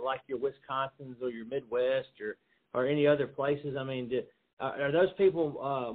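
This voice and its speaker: A man with a Southern accent hosting a casual interview, asking questions hesitantly with many fillers. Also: medium pitch. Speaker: podcast host. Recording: narrow phone-like sound.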